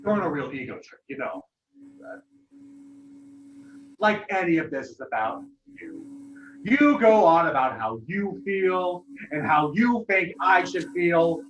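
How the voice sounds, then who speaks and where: A man plays a wounded veteran who lost a leg, bitter and defensive, in an amateur virtual stage play. His voice runs fairly high, and the recording is roomy with a faint hiss behind it. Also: sing-song, measured pace, lo-fi sound. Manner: defensive, rising to anguished shouting. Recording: echoey room with faint noise.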